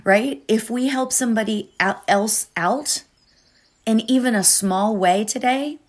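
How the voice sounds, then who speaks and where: A woman's voice: on the high side, measured pace. A woman giving an earnest, emotional talk before a guided meditation, often asking "right?".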